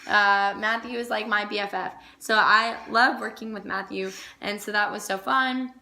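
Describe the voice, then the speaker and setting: A woman's voice: mid-range voice, fairly even intonation, moderate pace, pushed and bright. A young woman chatting casually on a vlog, gushing with lots of "like" fillers. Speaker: vlogger. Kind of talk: casual chat.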